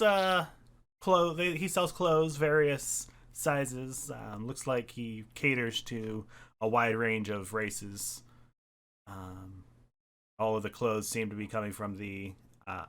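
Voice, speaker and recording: A man's voice: lowish voice, takes it slowly, a bit bright. A man running a tabletop game as dungeon master, narrating with hesitant fillers. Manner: hesitant, with many fillers and laughs.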